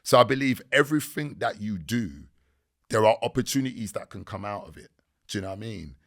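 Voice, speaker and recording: Gravelly-voiced man telling stories. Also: fairly low pitch, brisk. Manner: animated storytelling with slang. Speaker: podcast guest. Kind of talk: casual podcast interview.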